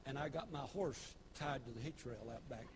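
A man preaching a sermon, folksy storytelling that builds into shouted preaching. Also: medium pitch, normal speed, noisy background. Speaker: pastor. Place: church.

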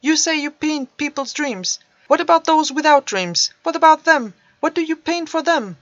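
Brief: woman putting on an angry teen boy for a storybook, pitched up and loud, hurling accusations. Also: moderate pace, no echo, lightly acted. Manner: accusing, spitting out questions. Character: angry bitter teenage boy in a wheelchair. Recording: dull dry recording.

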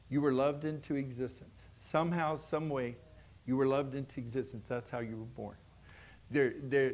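A pastor with a notably high voice preaches a sermon to his congregation, lively and animated. He often restarts his sentences and shifts from loud bursts into quiet, hushed asides.

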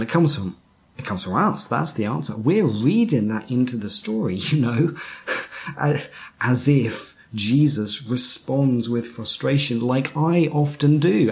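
A male pastor delivers a sermon in an unhurried, deliberate way, his voice carrying a gravelly edge. He often stumbles and repeats words, then sinks to a near-whisper to drive a point home. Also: medium pitch, lively intonation, a little mellow. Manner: halting, repeats words, drops to whispers for emphasis.

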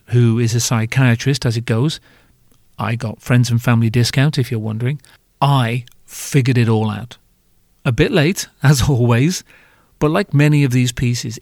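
A man's voice: mid-range voice, a little mellow, dry recording, clean studio sound. Wry, swearing male podcast host. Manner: wry, self-mocking, swears freely. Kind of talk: scripted comic monologue.

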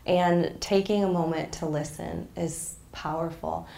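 An earnest woman speaks as a podcast guest, reflective and openly moved. Her voice sits low with a gravelly fry. The room gives it an audible echo. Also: fairly even intonation, a little slow, dark tone. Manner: earnest, reflective, gets emotional. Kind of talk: casual faith conversation.

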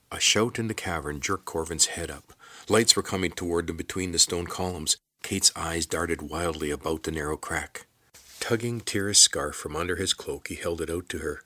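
Audiobook narrator, man, very deep voice with a bright, forceful edge, dry close sound, measured pace. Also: no room sound. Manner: measured, steady storytelling. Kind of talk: scripted narration.

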